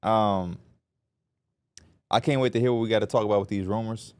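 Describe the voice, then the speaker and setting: A man's voice: lowish voice, fairly even intonation, a little fast, darkish tone, clear, resonant tone. A man with a Chicago accent co-hosting a sports podcast, joking and laughing often. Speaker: podcast co-host. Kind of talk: casual sports talk.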